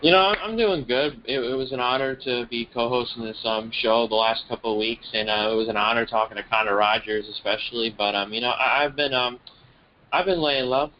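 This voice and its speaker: A man on a casual sports podcast posing a trivia question, speaking haltingly. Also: mid-range voice, lo-fi sound, a little hiss or hum. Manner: hesitant, halting. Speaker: trivia co-host.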